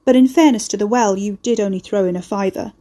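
A man's voice: sits high, fast, dark tone, natural voice. A woman doing a cocky, teasing neighbour man. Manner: cocky, slangy, mocking. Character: sly teasing male neighbour, cheeky and mocking.

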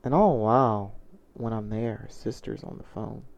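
A man's voice: fairly low pitch, normal speed, gravelly, a little mellow, dull audio. A man telling a personal story in a confessional vlog, earnest and reflective, often restarting his sentences. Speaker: vlogger.

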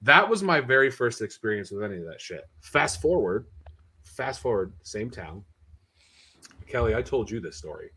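A young man telling spooky stories in casual podcast chat, profane and animated, swearing freely. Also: medium pitch, normal speed, husky, poor audio.

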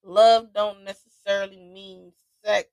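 Woman podcast host, mid-pitch, slow and reflective, dry sound. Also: little pitch movement, darkish tone, clear, resonant tone, no room sound. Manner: slow, reflective, with restarts and laughter. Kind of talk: casual solo podcast talk.

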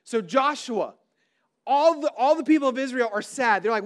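Middle-aged male pastor, very high voice, preaching to a big crowd on a stage mic, emphatic and drawn out. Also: lively intonation. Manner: preaching with rising emphasis, drawn-out stressed words. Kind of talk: sermon. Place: large hall before a crowd.

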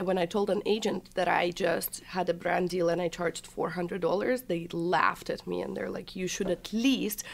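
A woman's voice: lowish voice, creaky. A young woman from Russia, a TikTok comedian guest, chatting casually and telling stories with laughs and acted-out quotes. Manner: chatty storyteller, laughs often, acts out quotes. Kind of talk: casual interview chat.

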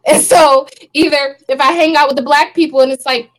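High-voiced earnest woman co-host. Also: normal speed, long pauses, low-quality recording. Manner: earnest, animated, laughs often. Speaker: podcast co-host. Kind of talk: casual panel discussion.

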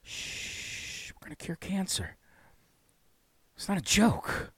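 A man's voice: high-pitched, lively intonation, slow, vocal fry, husky, no echo, exaggerated voice. A man doing a mumbling, muddled old politician. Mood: mocking. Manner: trailing off into hushed mutters.

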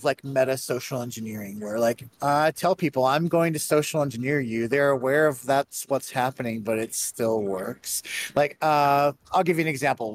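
Rambling, animated man telling a story. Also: medium pitch. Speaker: conference speaker. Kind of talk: casual podcast chat.

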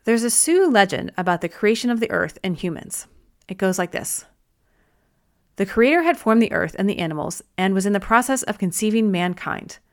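A woman narrating an inspirational self-help book in a gentle, reflective manner. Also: mid-range voice, lively intonation, normal speed. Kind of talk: audiobook narration.

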